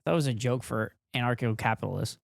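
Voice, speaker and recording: A man's voice: mid-range voice, very fast, gravelly, no echo, studio quality. A man with a Latin American accent giving casual, blunt reaction commentary as a streamer, swearing and chatting to viewers.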